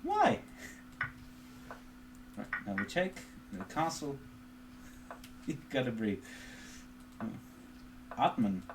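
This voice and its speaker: Here a man with a mid-range voice gives live chess commentary from his home streaming setup. He reasons aloud about moves and positions, mixing in dry self-deprecating remarks, while a faint hiss or hum sits in the recording.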